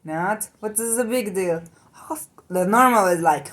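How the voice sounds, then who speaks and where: Slow, halting woman. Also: medium pitch, a bit bright. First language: Spanish. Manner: halting, searching for English words. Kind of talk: casual monologue.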